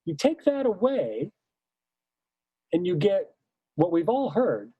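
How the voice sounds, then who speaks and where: A man explaining how choirs should shape a musical line, talking slowly and with warm, mellow weight on the words that matter. His voice sits a touch high for a man and sounds dry and close, as if recorded right at the mic. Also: big pitch swings, breathy edge, dry recording, poor audio. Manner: measured, emphatic, sings short hymn phrases to demonstrate. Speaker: choral music teacher. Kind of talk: instructional talk.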